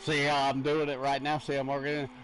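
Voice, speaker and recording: A man co-hosting a casual gaming video, joking in a goofy, deadpan way and swearing freely. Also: mid-range voice, fast, slight background noise.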